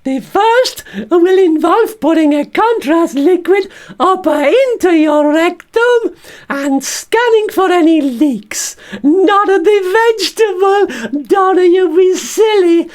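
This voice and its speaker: A cheeky stoma-bag puppet playing a female surgeon, as a man puts it on. The voice is pitched far above his own, squeaky and a little distant. It speaks slowly and carefully, like a doctor reading out results. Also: lively intonation, exaggerated voice. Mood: matter-of-fact. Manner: high squeaky put-on voice, slow careful delivery.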